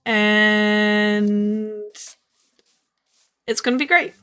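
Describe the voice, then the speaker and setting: A woman's voice: fairly high pitch, animated, moderate pace, pauses often, fairly bright tone, soft background music. A woman streaming a game, chatting casually to herself and her viewers, playful and tired, often repeating little phrases. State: yawning, tired. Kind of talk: casual gameplay commentary.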